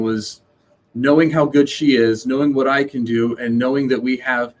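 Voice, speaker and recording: A man speaking as a guest on a casual podcast, blunt and rambling, restarting sentences and swearing. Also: mid-range voice. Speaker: guest, live sound engineer. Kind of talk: casual interview chat.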